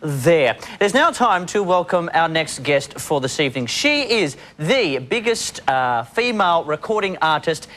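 A man's voice: a little high, sing-song, a little slow, hardly any pauses, a bit bright. A man hosting a talk show interview, cheeky and joking.

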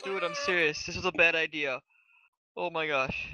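A man's voice: fairly high pitch, steady tone, moderate pace, background noise. A man gaming with friends on voice chat, hamming up a dramatic fainting bit. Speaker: gamer on voice chat. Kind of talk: playful voice chat banter.

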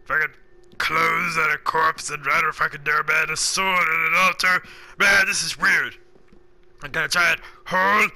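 A man with a sore throat giving excitable let's play commentary, swearing a lot and narrating his own moves. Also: a little high, moderate pace, gravelly. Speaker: gaming commentator. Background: game music.

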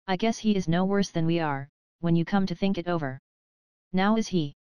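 A woman reading the part of a shrewd, wise old female fox who lectures calmly in a storybook. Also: lowish voice, a little fast, smooth, no room sound, highs cut off, close to an everyday voice. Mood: lecturing. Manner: calm, lecturing, matter-of-fact.

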